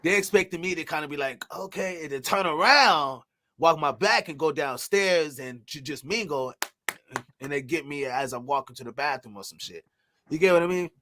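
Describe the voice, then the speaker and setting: A man telling stories in a casual chat, animated and profane, laughing and acting out what people said. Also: a little high, normal speed. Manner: animated, laughing, loose and profane, acts out quotes. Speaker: podcast guest telling stories.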